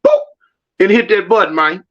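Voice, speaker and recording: A middle-aged man chats loosely on a livestream, calling out viewers by name and pleading for likes in easy street slang. His voice sits high for a man. The sound is a bit dull and lo-fi. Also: huge pitch swings, normal speed, pushed and bright. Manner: reads out viewer comments and begs for likes. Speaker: livestream host. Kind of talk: casual livestream chat.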